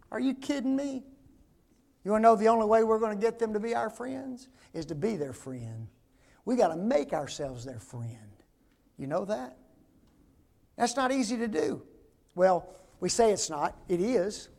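A man's voice: extremely high pitch, lively intonation, normal speed, gravelly, pauses often. An older man, preaching a folksy sermon and asking the congregation rhetorical questions.

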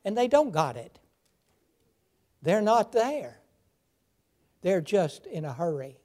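Slow, emphatic older male preacher. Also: sits high, very animated, dark tone. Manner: slow, emphatic, repeats key phrases. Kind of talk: sermon.

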